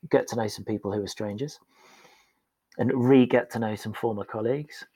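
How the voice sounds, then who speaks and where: A man's voice: on the low side, fairly even intonation, moderate pace, warm tone, husky, no echo, rough recording. A man telling a candid, self-deprecating story as a guest in a casual podcast interview. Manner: candid and self-deprecating, acts out quoted voices.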